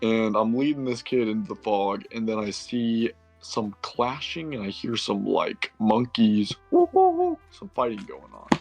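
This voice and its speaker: Faint music plays behind a man recounting a tabletop game session from a player's view. His voice is fairly low and gravelly, unhurried yet with hardly any pauses, and he rambles, self-corrects and uses many fillers.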